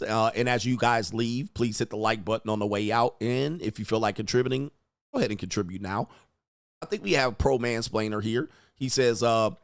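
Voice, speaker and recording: A man of average pitch hosting a casual livestream, ranting bluntly and crudely between reading viewer messages aloud. His voice is recorded close and dry, with no room sound. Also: no echo. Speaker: livestream host reading donations.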